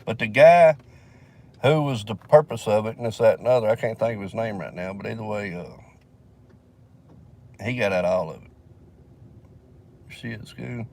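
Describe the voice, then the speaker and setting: A man's voice: fairly low pitch, normal speed, long pauses, a little mellow. Profane Alabama man telling a story. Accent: Southern US, Alabama. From Alabama, US South. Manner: profane, rambling storyteller, lots of fillers. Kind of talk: casual storytelling vlog.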